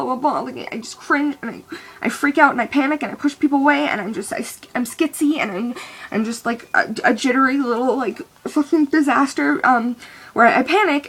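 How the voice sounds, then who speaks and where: Young woman ranting to camera, kinda high voice with lots of vocal fry, swears a lot and keeps restarting. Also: a bit bright. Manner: rambling and profane, with many restarts. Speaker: vlogger. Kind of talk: casual venting monologue.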